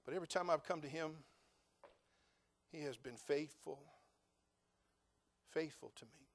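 A man's voice: fairly high pitch, measured pace. Fervent, folksy male preacher. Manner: animated preaching, acts out dialogue, rises to loud fervent climaxes; folksy and joking with the congregation. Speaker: pastor. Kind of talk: sermon.

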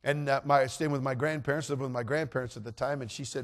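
A middle-aged man preaching, telling a story and acting out voices with animated delivery. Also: mid-range voice, quick pace, hardly any pauses. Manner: animated, acts out voices in anecdotes. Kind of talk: sermon storytelling.

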